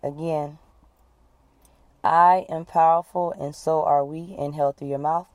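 A woman coach leading listeners through a guided breathing exercise, giving calm, repeated instructions. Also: low-pitched, unhurried. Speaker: wellness coach.

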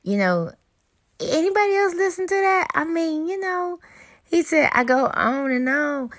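A woman's voice: very high voice, lively intonation, measured pace. Brash, profane woman ranting. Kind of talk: explicit comedic monologue.

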